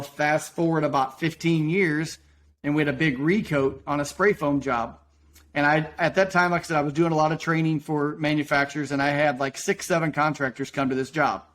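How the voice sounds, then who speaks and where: A man who owns a roofing business guests on a podcast, spinning a rambling, folksy story about his work in casual talk and quickly acting out quotes. His voice sits on the high side with a fairly bright tone.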